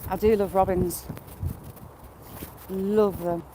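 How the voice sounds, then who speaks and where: A woman's voice: mid-range voice, steady tone, slow, very noisy. A woman live-streaming outdoors on a phone, chatting casually with viewers by name and cooing at animals as she walks. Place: outdoors in fields and hedgerows. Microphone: phone on a gimbal with headphone wire.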